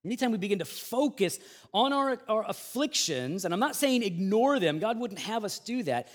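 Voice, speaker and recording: High-voiced man preaching conversationally. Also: expressive, moderate pace. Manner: conversational preaching, swings from loud emphasis to quiet asides; plays out the grumbling people in a raised voice. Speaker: pastor. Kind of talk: sermon.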